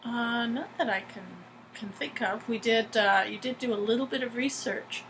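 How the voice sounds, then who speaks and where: A woman's voice: a little high, normal speed, a bit bright, a little hiss or hum, low-quality recording. A woman co-hosting a podcast, musing thoughtfully and agreeably about TV episodes. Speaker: podcast co-host. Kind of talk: casual recap chat.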